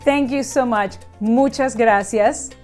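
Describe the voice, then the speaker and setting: A woman teaching in a lively, playful way, spelling things out slowly with examples. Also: on the high side, soft background music. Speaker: Spanish teacher. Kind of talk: scripted video lesson.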